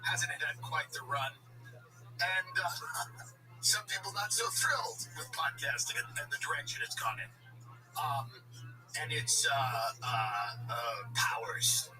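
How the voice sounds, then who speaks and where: A podcast host with a fairly high voice riffs sarcastically in a comic rant. He sounds a little distant from the mic. Music plays clearly behind him. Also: measured pace. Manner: sarcastic, riffing with exaggerated put-on quotes. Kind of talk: comedic rant and show intro. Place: borrowed studio.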